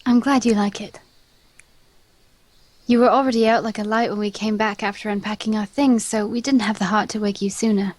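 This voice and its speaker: A woman voicing a gentle, caring young woman who speaks politely, calmly and formally. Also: mid-range voice, a little fast, natural voice.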